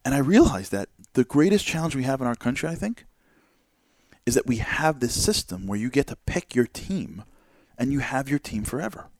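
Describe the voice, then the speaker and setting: A man hosting a talk show, giving an animated monologue full of rhetorical questions and repeated words. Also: medium pitch, moderate pace, dry recording, clean studio sound. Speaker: host.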